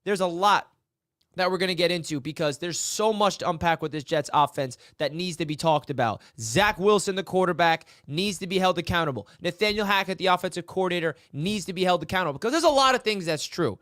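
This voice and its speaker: A man with a notably high voice co-hosts a sports call-in podcast, venting loudly with fired-up disbelief. His talk is fast-building and exasperated, with a bit of swearing. The sound is dry and close, with no room around it. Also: no echo. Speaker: podcast co-host.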